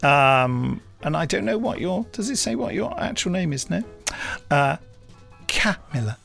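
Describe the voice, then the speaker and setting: A man hosting a podcast, chatting in a relaxed, anecdotal way and reading listener emails aloud with wry asides. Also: on the high side, unhurried, creaky, soft background music. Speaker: podcast host. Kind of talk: casual chat.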